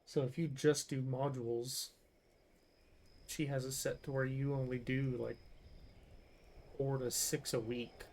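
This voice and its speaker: A man's voice: mid-range voice, level tone, unhurried, long pauses, darkish tone. A young man streaming a game, chatting casually, rambling, and swearing freely. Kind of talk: casual chat while gaming.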